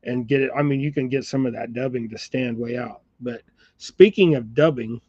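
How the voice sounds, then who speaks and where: Sitting at his bench indoors, a man who ties flies and jigs hosts a casual jig-tying chat for his channel, rambling in a laid-back way and laughing often. His mid-range voice is a little mellow and moves at a normal speed. The sound is dull, lo-fi and dry.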